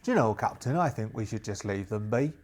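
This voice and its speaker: A man's voice: lowish voice, expressive, brisk, a little mellow, pitched below the performer's own voice. A man voicing a cautious young pirate crewman who hesitantly pleads with his captain.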